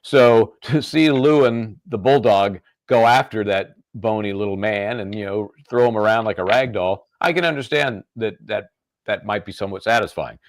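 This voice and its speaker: A man's voice: fairly low pitch, moderate pace, dry recording. A man from California co-hosting a live legal show, commenting easily and chuckling as he thinks aloud. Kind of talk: casual chat about a trial.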